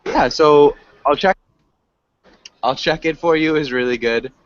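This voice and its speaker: A man teaching an online English class, encouraging his students, laughing often and correcting them slowly. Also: on the high side, no room sound, dull audio.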